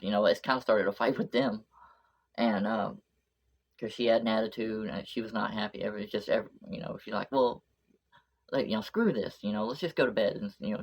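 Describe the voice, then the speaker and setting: A woman's voice: a bass voice, husky, dull audio. A woman vlogger telling a story in a chatty, rambling video diary.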